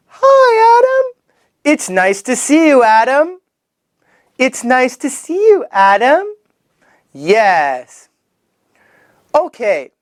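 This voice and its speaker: Lively sing-song children's English teacher, man. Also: high voice, dry recording, clean studio sound. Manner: animated, sing-song, drawn-out repetition of words. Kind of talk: children's vocabulary lesson.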